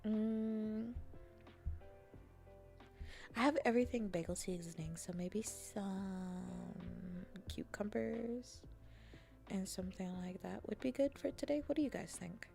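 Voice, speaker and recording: A woman streamer chatting casually with her viewers in a soft, half-whispered voice, slipping into playful mock-taunting teases. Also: medium pitch, takes it slowly, vocal fry, long pauses, soft background music. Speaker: streamer hosting a chat stream. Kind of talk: soft-spoken casual chat.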